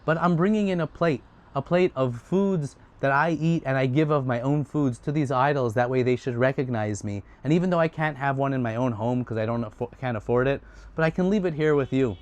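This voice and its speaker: A man's voice: mid-range voice, brisk, a little mellow, lightly acted. A man voicing a chatty, humble older woman. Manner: chatty, self-deprecating.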